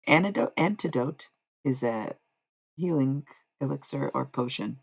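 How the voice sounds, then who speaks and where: A woman's voice: very deep voice, animated, measured pace, gravelly, slightly rough, rough recording. A woman streaming live as a self-described medium, musing in a meandering way and often stopping to correct herself. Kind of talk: rambling livestream monologue.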